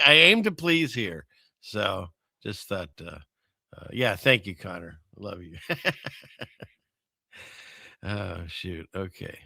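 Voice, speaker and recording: A man's voice: fairly low pitch, creaky, sharp tone, dry recording, clean studio sound. A man hosting a casual livestream, rambling through viewer comments and chuckling often between remarks. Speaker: livestream host.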